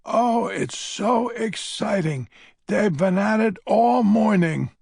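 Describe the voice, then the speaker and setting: A man's voice: high voice, slow, creaky, slightly rough, no room sound, studio quality, pitched above the performer's own voice, full character voice. A man putting on a flustered fluttery old lady. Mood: excited. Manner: fluttery, excitable. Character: fussy flustered old woman, nursing-home resident. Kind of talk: audiobook character voice.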